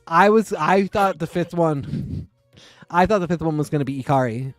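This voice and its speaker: A man co-hosting a comic book podcast, talking in an earnest, animated way and quick to jump in. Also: on the high side, dry recording, soft background music. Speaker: podcast co-host. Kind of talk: casual comic book chat.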